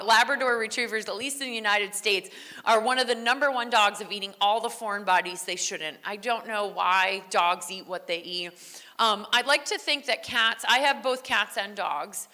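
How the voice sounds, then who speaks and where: A woman's voice: a little high, bright, forceful tone, in a large hall. A woman who works as a veterinary technician gives a conference lecture in a conversational way, often tossing in "right?" and answering her own questions. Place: large lecture hall.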